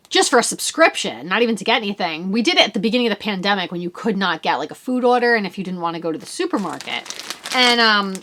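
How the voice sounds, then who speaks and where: Woman, forties, knitting podcast host, casual show-and-tell, rambling and self-mocking, bouncy pitch. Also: fairly bright tone.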